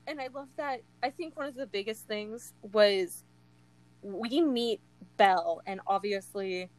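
Young woman, unhurried but excitable book-chat co-host, laughs a lot, leans on "like". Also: medium pitch, low-quality recording. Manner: gushing, laughs often, many "like" fillers. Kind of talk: casual chat.

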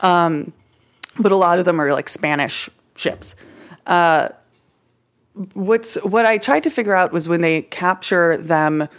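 A woman with a fairly low voice, co-hosting a laid-back history podcast. She tells her story loosely and chattily, with lots of "like" and "uh" and the odd bit of slang. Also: slow pace. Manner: casual, full of fillers like "like" and "uh", playful slang. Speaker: podcast co-host presenting history research. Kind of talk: casual history podcast chat.

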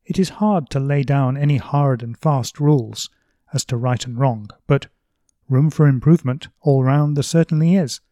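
A calm, moderate middle-aged everyman , read aloud by a man makes his case in an earnest, reasoned way. The voice is lifted above a plain speaking tone but stays measured. The sound is dry and close. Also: mid-range voice, no room sound, close to an everyday voice. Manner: earnest, reasoned, raised reading voice. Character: mild philosophical middle-aged male everyman. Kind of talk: reading a novel passage aloud.

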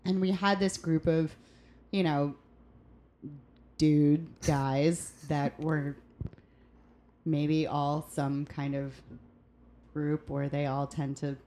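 A woman with a low, deep speaking voice tells workplace stories in a casual podcast chat. She is from the United States and gets animated as she tells them. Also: takes it slowly, long pauses, slight background noise. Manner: animated storyteller, acts out quoted people. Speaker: guest, restaurant server.

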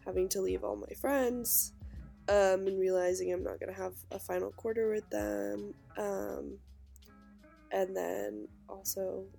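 A young woman with a stuffy, nasal voice from a cold, co-hosting a casual podcast from her bedroom over a video call, relaxed and full of ums. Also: mid-range voice, gravelly, faint music behind. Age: young adult. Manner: relaxed and unhurried, with frequent ums. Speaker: podcast co-host. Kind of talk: casual chat. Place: own bedroom.

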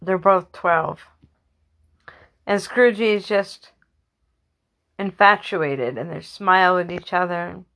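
A woman's voice: lowish voice, slow pace, vocal fry, pauses often, a bit bright. A woman improvising a comic story loosely, correcting herself as she goes. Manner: loose, with restarts and self-corrections.

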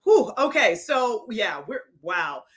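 A woman's voice: medium pitch, normal speed, over a noisy crowd. A woman hosting a casual interview, reacting expressively with slangy exclamations before steering to the next question. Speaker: show host.

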